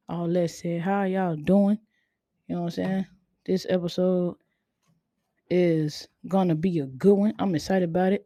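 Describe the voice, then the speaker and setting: A woman hosting a casual podcast, talking in a laid-back, near-monotone way and sounding tired. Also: on the low side, no room sound, clean studio sound. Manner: self-described monotone, laid-back delivery. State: tired, sleepy. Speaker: podcast host. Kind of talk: casual chat.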